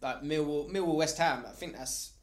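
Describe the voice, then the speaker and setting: English male podcast host, teasing, sits a bit high, echoey room. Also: moderate pace. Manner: leads the topics, teasing. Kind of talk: casual chat.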